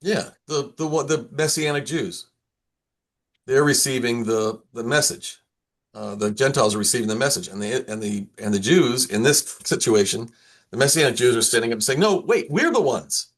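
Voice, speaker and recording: A man's voice: medium pitch, moderate pace. A man, a priest, leading an informal Bible study in a conversational way, with many restarts and repeated words, and acting out quoted voices now and then.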